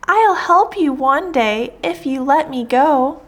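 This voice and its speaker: A woman's voice: high voice, expressive, takes it slowly, voice pushed up. A woman voicing a small, pleading male mouse in a read-aloud storybook.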